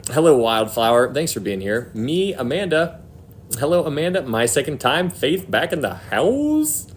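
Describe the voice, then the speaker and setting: Male host with a lowish voice for a casual faith live stream. He chats, laughs a lot, reads out comments, and turns earnest. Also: slight background noise. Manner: chatty, laughs often, reads viewer comments aloud; earnest, heartfelt about faith. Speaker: Christian livestream host. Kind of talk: casual livestream chat.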